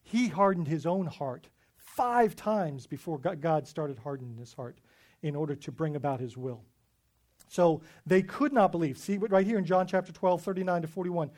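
A man preaching a sermon, animated and emphatic, acting out scripture voices and often repeating words as he goes. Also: a little high, normal speed. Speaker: pastor.

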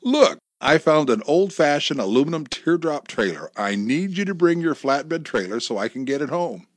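A man reading a story aloud, voicing an excitable husband who talks eagerly and tries to win his wife over. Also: on the high side, normal speed, dry recording. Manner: upbeat, eager, persuasive.

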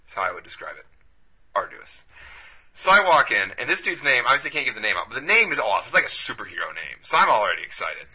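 A man co-hosting a podcast, telling a long story in a laid-back, profane, deadpan way. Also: medium pitch, fast talker, breathy edge. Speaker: podcast co-host. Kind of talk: casual storytelling chat. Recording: dull lo-fi podcast audio.

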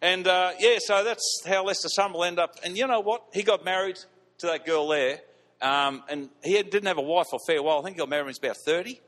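A man preaching a storytelling sermon in a church, animated and repeating lines for emphasis. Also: high voice, fast. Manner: animated, repeats lines for emphasis, laughs at his own stories. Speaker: pastor. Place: church hall. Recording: long reverb of a church hall.

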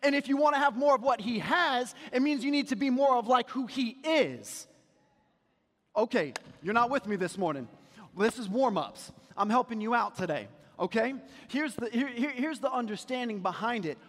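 A man preaching a sermon as a pastor, talking to the congregation in a conversational way and dropping to a quiet storytelling voice for anecdotes. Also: extremely high pitch, animated, normal speed, long reverb tail. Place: church sanctuary.

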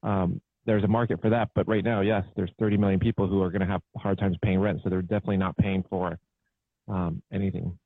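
A low, husky male entrepreneur talks in a relaxed, matter-of-fact way. His voice comes through a dry, narrow, phone-like call recording. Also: fast talker, dry recording. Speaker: entrepreneur guest. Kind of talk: casual conversational interview.

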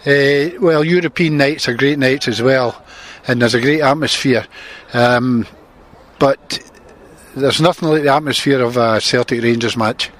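An older man, a former footballer, answering questions slowly and with many pauses outside a stadium. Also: mid-range voice, a bit bright. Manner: measured, hesitant, with many fillers. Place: outdoors by a stadium.

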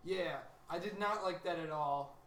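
A man's voice: on the high side, unhurried, crowd noise. Young man rambling from a distant mic. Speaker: podcast co-host. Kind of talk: casual chat. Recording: echoey room, distant mic, faint noise.

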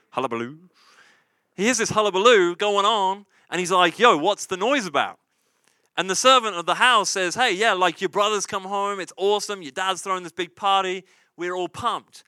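A man's voice: a little high, sharp tone, smooth, dry recording. A man preaching a sermon as pastor, in a conversational style, often asking "right?" and repeating key lines for emphasis. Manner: conversational preaching with frequent "right?" and "you see".

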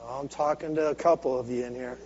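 A man preaching a sermon with call-and-response, swinging from soft, intimate asides to loud, driving exhortation. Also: mid-range voice, steady tone, fast talker. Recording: dull lo-fi recording with faint hum.

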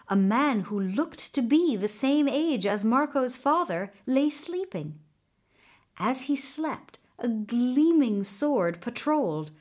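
A woman narrating a children's storybook in a gentle, measured way. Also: on the high side.

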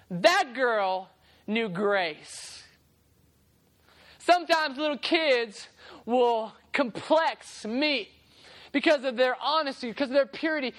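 A young woman delivers an evening sermon, weaving in stories and briefly acting out the people in them. Her voice sits fairly high, and she moves between quick asides and slower, emphatic lines. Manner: animated, acts out voices in stories. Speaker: preacher. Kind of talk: sermon with storytelling.

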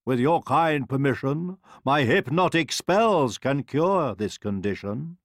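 A man's voice: medium pitch, expressive, slow pace, no room sound, clean studio sound, voice pushed up. A man doing a formal showman magician. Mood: grand. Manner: formal, announcing. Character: grand moustached male stage magician.

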